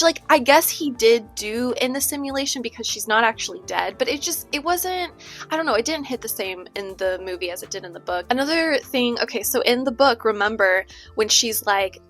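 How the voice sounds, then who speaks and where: Chatty woman with a high voice. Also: a bit bright. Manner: chatty, many fillers and rhetorical "okay?". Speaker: book vlogger. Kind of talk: casual chat. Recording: faint music under the voice.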